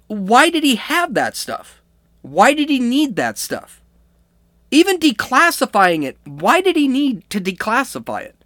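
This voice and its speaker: A man's voice: high-pitched, fairly bright tone, no echo, studio quality. A man hosting an opinionated commentary show, arguing his point through repeated rhetorical questions. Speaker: political commentary host.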